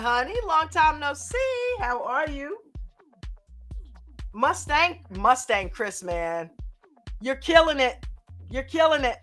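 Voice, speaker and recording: A woman hosting a live stream chat, greeting viewers by name in a lively, casual way and laughing often. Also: high-pitched, slow pace, long pauses, soft background music.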